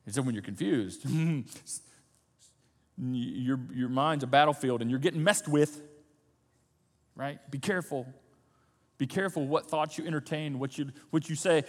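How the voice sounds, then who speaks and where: A man preaching a sermon as pastor, animated, swinging from loud emphasis to soft, low asides. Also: normal speed, gravelly, long reverb tail. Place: church sanctuary.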